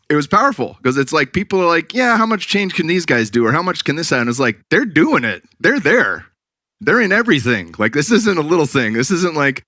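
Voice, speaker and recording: A man's voice: mid-range voice, pushed and bright, no echo, studio quality. A man from the California Bay Area hosting a podcast, talking casually and bluntly and swearing freely. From California Bay Area, USA. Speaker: podcast host.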